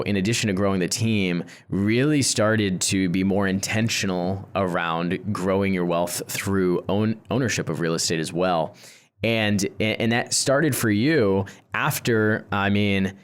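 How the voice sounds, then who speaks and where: Smooth low-voiced male podcast host. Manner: measured, hesitant questions with fillers. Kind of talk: casual podcast interview.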